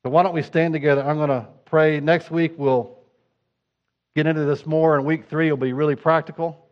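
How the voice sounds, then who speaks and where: A middle-aged man preaching a sermon as pastor, talking conversationally and moving between hushed asides and fervent appeals. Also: a little high, fairly even intonation, normal speed, dull audio.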